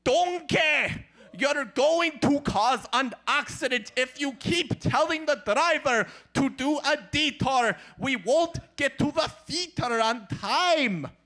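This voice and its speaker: A man putting on a grouchy cartoon ogre who grumbles and scolds his companion. The voice stays bright and lively. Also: very high-pitched, takes it slowly, pitched above the performer's own voice, exaggerated voice. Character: grouchy big male ogre.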